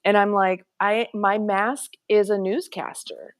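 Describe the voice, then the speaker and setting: A woman's voice: mid-range voice, steady tone, unhurried. A woman joining a casual live-stream chat as a guest, with a mid-range voice. She talks emphatically and often exclaims her agreement.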